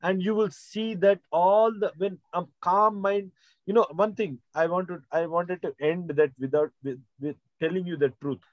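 A man's voice: high-pitched, fairly even intonation, normal speed, dry recording, poor audio. A middle-aged man preaching a sermon, rambling with many fillers and restarts. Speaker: pastor. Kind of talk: sermon teaching.

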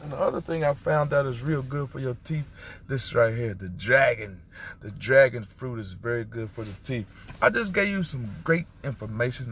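A man recording a motivational vlog outdoors by a street on a handheld phone. He repeats affirmations and gives excited running commentary. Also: mid-range voice, normal speed, slight background noise. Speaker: motivational vlogger.

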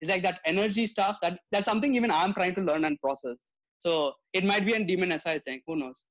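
High-voiced man interviewing a guest. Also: fast talker, a bit bright, low-quality recording. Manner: reflective, laughs easily, muses aloud. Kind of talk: casual conversational interview.

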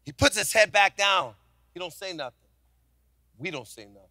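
A man preaching a sermon as senior pastor, telling a story with animated delivery and acted-out voices. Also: high-pitched, moderate pace, dry recording.

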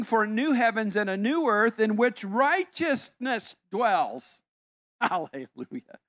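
High-voiced older male pastor preaching. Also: big pitch swings, slow pace, fairly bright tone, no echo, studio quality. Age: 60s. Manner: conversational, emphatic, self-interrupting. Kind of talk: sermon with personal storytelling.

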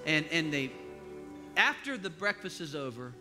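A pastor preaching a sermon, rousing the congregation to call back and dropping to quiet, confiding asides between loud rallying lines. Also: male voice, a little high, big pitch swings, normal speed, over music. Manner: exhorting, call-and-response with the congregation. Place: church service.

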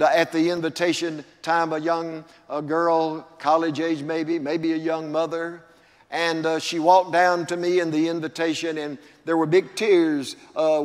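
An older man preaching a sermon as pastor, drawing out key words and building emphasis. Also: on the high side. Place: church sanctuary. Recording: long church reverb.

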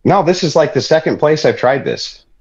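A man's voice: a little high, lively intonation, moderate pace, muffled recording. A man from Ireland hosting a podcast, ranting and joking in a profane, exasperated, mocking way. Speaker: show host.

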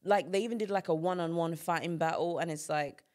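Young woman cohosting a podcast, kinda low voice, blunt and slangy, super enthusiastic. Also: a little fast, a little mellow. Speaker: podcast co-host. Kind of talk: casual chat.

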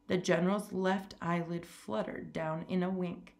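A woman narrates a story aloud in a low voice with a gravelly edge. Her reading is steady and measured.

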